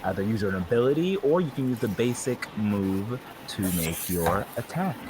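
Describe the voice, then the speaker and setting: A man's voice: fairly low pitch, expressive, normal speed, background noise. A man narrating and refereeing a tabletop role-playing game as game master, easily amused.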